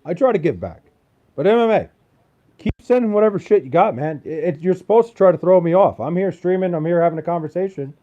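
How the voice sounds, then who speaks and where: A man's voice: high voice, expressive, fast talker, dark tone, highs cut off. A young man chatting casually on a live stream, joking and swearing loosely with his chat while sounding tired. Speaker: livestreamer. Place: at home in Wisconsin.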